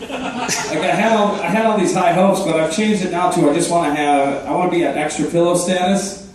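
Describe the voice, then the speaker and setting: Deadpan man doing stand-up in a roomy club. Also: high voice, distant mic, a crowd in the background. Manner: deadpan, self-deprecating, quick asides. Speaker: stand-up comedian and host. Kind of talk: stand-up comedy set. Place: comedy club stage before a live crowd. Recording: echoey room, voice from afar.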